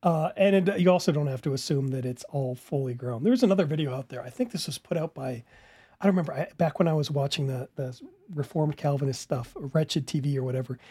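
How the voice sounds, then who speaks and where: A man's voice: a little high, fast, mellow, husky, no room sound. A man commenting casually on a video he is watching, interrupting it with incredulous, laughing rebuttals.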